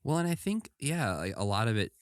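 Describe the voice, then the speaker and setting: A man co-hosting a casual chat podcast, animated, laughing often and acting out quoted lines. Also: mid-range voice, brisk, smooth, no echo, studio quality. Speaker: podcast co-host.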